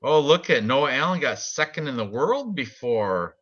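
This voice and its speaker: A man co-hosting a casual betting stream, chatting excitably, his voice shooting up high when something shocks him. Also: moderate pace. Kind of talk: casual chat. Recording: dull lo-fi stream audio.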